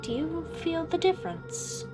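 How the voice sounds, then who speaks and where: A woman voicing an eerily polite, calm stranger who talks in a soothing, overly caring but insistent way. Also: extremely high pitch, a little slow. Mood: calmly menacing. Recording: loud game music behind.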